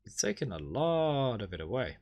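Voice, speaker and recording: A man on a stream casually walks through his holiday photos at a moderate pace, rambling wryly and suddenly leaping up in pitch when he gets excited.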